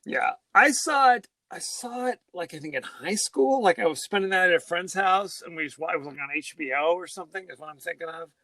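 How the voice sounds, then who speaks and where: High, bright-voiced excitable man. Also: a little fast, few pauses, no room sound. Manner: excitable, laughs often, exclaims. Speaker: podcast co-host. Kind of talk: casual chat.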